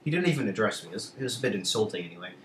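A teenage boy chatting on his vlog in a loose, rambling way, full of restarts and side remarks. His voice sits slightly low and is picked up from a distance. The room echoes around him, with faint noise underneath. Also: sing-song, very fast, a bit bright. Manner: rambling, many restarts and asides. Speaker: vlogger. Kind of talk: casual storytelling vlog.

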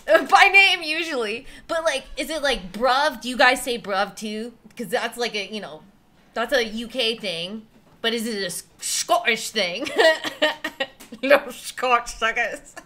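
Giggly high-voiced woman streamer. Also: lively intonation, unhurried, bright, forceful tone. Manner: giggly, playful, laughs often. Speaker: livestreamer chatting with viewers. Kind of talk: casual livestream chat.

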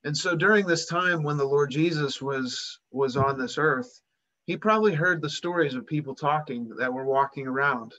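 A man's voice: a little high, normal speed, pushed and bright, lo-fi sound. A man preaching a sermon, retelling a Bible story and acting out its voices with rising emphasis.

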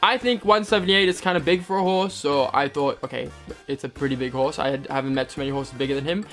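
A man's voice: a little high, quick pace, fairly bright tone, faint music behind. Wry young man with a British-American accent. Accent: mix of British and American. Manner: wry, self-deprecating, lightly sarcastic. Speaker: equestrian vlogger. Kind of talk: casual vlog, reading and answering comments.

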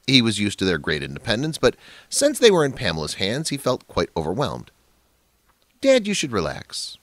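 A man's voice: lowish voice, sing-song, a little fast, fairly bright tone, dry recording. A man narrating a dramatic family story in a scripted, emphatic way.

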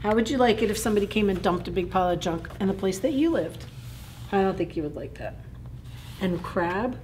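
A woman librarian reading a picture book aloud at children's story time, gently asking listeners questions. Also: mid-range voice, expressive, a little hiss or hum. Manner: slow, deliberate reading.

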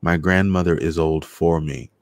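An anxious young girl pleading for mercy, read by a man. The deep voice stays close and dry throughout. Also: steady tone, normal speed, no echo. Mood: quiet. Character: frightened young girl narrator.

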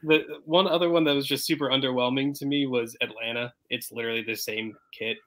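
Chill podcast co-host guy, steady easy chat. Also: medium pitch, fairly quick. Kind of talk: casual chat.

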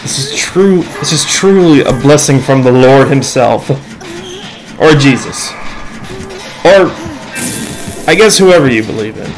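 A teenage boy giving loose, excitable commentary while playing a game, yelling at teammates and mocking himself. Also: mid-range voice, a little slow, pauses often, poor audio. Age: teens. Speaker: gamer. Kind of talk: let's play commentary. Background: game music.

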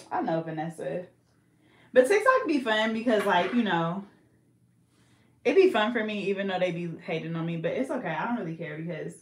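A young pregnant woman from the Bay Area chatting casually on a livestream while she does hair, reading viewer comments aloud in slangy speech. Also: fairly low pitch. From California, Bay Area. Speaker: hairstylist and livestream host. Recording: echoey room.

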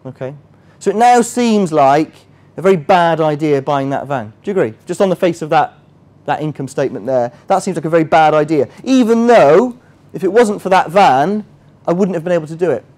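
A finance workshop trainer with a higher-pitched, darkish male voice teaches interactively before a live audience in a workshop room. He speaks briskly and expressively, keeps things chatty, quizzes the crowd, and slips in self-mocking asides.

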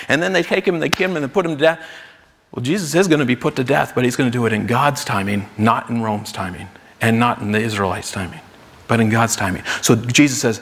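Guy preaching a sermon, gravelly voice, big reverby church hall, chatty delivery. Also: a little high, fast talker, a bit bright. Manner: conversational preaching, acts out crowd voices. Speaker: pastor. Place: church sanctuary.

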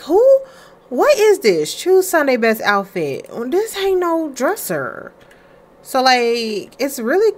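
A young woman casually commenting as she plays a life-simulation game, chatting to viewers and voicing her characters in quick quoted asides. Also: medium pitch. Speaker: gaming creator playing a life-simulation game. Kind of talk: casual let's-play commentary.

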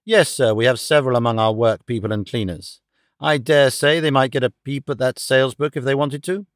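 A man's voice: medium pitch, brisk, no echo, studio quality, lightly acted. A man voicing a polite, businesslike shop manager who answers in a matter-of-fact way.

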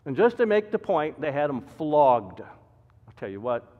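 A man preaching a sermon, swinging between loud emphatic climbs and quiet low drops, firing repeated rhetorical questions at the congregation. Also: big pitch swings, unhurried. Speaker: pastor. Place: church sanctuary. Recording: reverberant hall, dull lo-fi sound.

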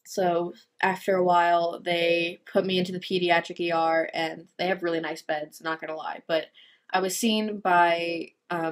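A teenage girl with a fairly low voice that stays flat and even, with little rise or fall. She tells her story in a confessional vlog, speaking haltingly and filling her pauses with "um" and "like". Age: teens. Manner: hesitant, halting, many fillers. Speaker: vlogger.

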